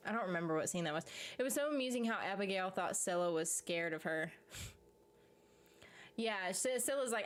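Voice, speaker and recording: A woman's voice: mid-range voice, very animated, normal speed, long pauses, a bit bright. A woman casually chatting on a live stream, reading viewer comments aloud and rambling through her reactions with frequent laughs. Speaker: YouTube streamer reading chat. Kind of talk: casual live-stream chat about a TV series.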